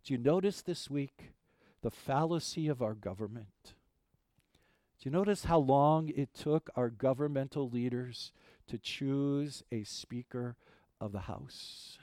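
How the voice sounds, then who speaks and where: A man preaching a sermon as pastor, swinging from loud emphasis to hushed asides and repeating key phrases. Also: medium pitch, slow, no echo, studio quality.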